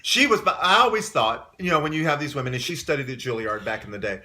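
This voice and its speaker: Bright-voiced Southern man chatting. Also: mid-range voice, expressive, quick pace. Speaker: co-host. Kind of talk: casual chat.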